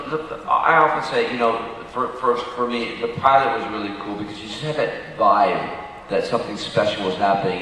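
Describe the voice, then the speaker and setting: A man's voice: lowish voice, bright, forceful tone, a little hiss or hum. A man who is an actor telling rambling anecdotes with many fillers on a convention panel. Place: large convention hall. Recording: echoey hall from far off.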